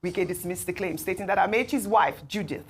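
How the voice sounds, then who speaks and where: A woman presenting the news and then chatting briskly with a guest. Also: mid-range voice, slightly rough.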